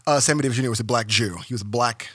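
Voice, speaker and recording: A man co-hosting a casual podcast, animated and rambling, laughing often. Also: mid-range voice, rapid-fire, breathy edge, dry recording, clean studio sound. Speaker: podcast co-host.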